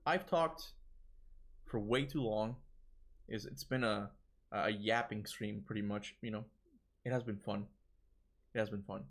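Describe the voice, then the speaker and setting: A man's voice: fairly low pitch, unhurried, pauses often. A young man with a Toronto accent chatting casually on a livestream, tired, rambling and restarting his words with frequent chuckles. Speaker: gaming streamer.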